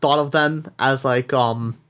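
A man in casual conversation, answering briefly in a relaxed way. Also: mid-range voice, a little slow. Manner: laid-back, brief replies.

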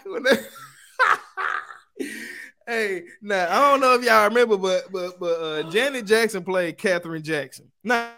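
A man's voice: high voice, sharp tone. A young man, co-hosting a podcast and telling stories in a playful, slangy way with lots of laughter. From Mississippi, USA. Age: 20s. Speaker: podcast co-host. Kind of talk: casual chat.

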